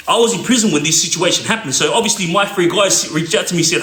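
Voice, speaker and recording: A man's voice: high voice, expressive, fast, hardly any pauses, pushed and bright, roomy sound. A man telling a crime story casually, streetwise, often checking in with "yeah?". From Australia. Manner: streetwise, repeats "yeah?" to listener.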